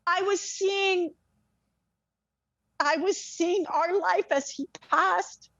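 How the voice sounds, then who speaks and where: A woman, an interview guest, telling a very personal story in an animated way, swearing freely and often restarting her sentences. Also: very high-pitched, extremely slow, no room sound. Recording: dull lo-fi dry sound.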